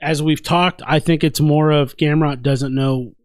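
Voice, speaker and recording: A man's voice: a little high, fairly even intonation, unhurried, dry recording, studio quality. Insistent swearing podcast guy. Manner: profane, repeats his point insistently. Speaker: podcast co-host. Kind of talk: casual chat.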